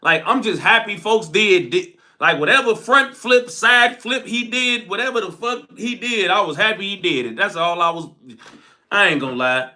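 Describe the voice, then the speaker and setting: A young man recounts a story in loose street slang, keeping up a running address to his listeners. His voice sits high for a man and comes out bright and sharp. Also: normal speed. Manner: animated slang-heavy recounting, frequent "folks" tags. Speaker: storyteller host.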